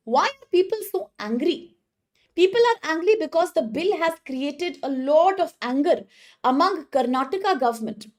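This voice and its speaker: A woman giving a live online exam-prep lecture, brisk and encouraging as she praises students by name. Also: high voice, a little mellow.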